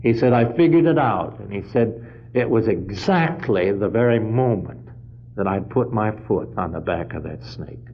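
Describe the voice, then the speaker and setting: A man preaching a storytelling sermon, retelling a story full of "he said" and swelling to loud, emphatic peaks. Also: fairly low pitch, expressive, moderate pace, a little hiss or hum. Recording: dull lo-fi sermon recording.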